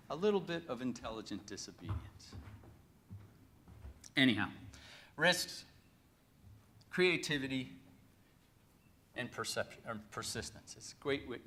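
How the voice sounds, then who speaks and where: Guy giving a conference talk, jokey folksy storyteller, a bit high-pitched. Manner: lively, folksy, joking. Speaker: conference speaker.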